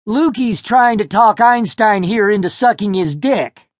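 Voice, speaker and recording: Man voicing a brash foul-mouthed schoolboy, cocky, taunting, raised lively pitch, dry close sound. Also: slow pace, no echo, exaggerated voice.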